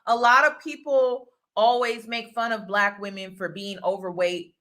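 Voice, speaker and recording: Bright, earnest woman vlogger. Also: medium pitch, level tone, normal speed. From United States. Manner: earnest, repeats phrases for emphasis. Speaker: host and mentor. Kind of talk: casual vlog monologue.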